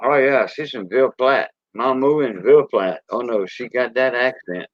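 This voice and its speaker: A man's voice: medium pitch, normal speed, no echo. Folksy Cajun man on a dull stream. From Louisiana Gulf Coast. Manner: folksy, rambling, chuckling. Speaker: live stream host. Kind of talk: casual live-stream chat.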